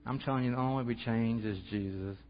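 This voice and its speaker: A man's voice: medium pitch, fast. Earnest guy telling his story at church, long echo off the walls, kinda muffled. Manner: earnest, conversational, laughs at himself. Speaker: church speaker sharing testimony. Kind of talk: personal testimony and prayer. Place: church hall. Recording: muffled audio with long hall reverb.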